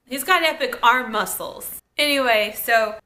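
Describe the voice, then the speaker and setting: A woman's voice: a little high, measured pace, bright, forceful tone. A woman reviewing a TV episode in a casual, chatty recap full of asides and "like". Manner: chatty, lots of "like", laughs and asides. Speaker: TV show reviewer.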